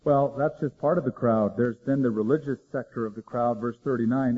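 A man preaching a sermon, dramatic, swinging between loud emphasis and hushed low lines. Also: steady tone, fairly quick, few pauses, breathy edge, phone-quality sound. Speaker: pastor.

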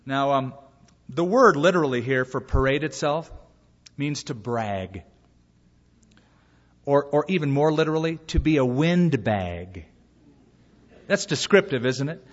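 A male pastor preaching a sermon in a lively way, acting out bits of dialogue between points. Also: mid-range voice. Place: church sanctuary. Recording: muffled live recording in a reverberant hall.

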